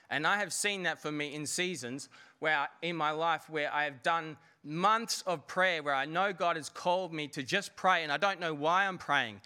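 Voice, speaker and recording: A man giving a sermon with a bright, forceful tone and a somewhat high voice. He preaches in a relaxed, conversational way, often pausing to pose rhetorical questions. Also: clean tone. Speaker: pastor.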